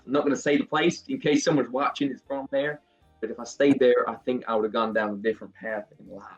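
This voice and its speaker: A man from the American South, drawling and unhurried, stopping often to think before he speaks, as an English actor puts the accent on. His voice sits at a middle pitch, and the sound is a bit dull and lo-fi. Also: close to an everyday voice. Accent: Southern US, Texas style, put on. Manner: hesitant, thinking aloud with many fillers.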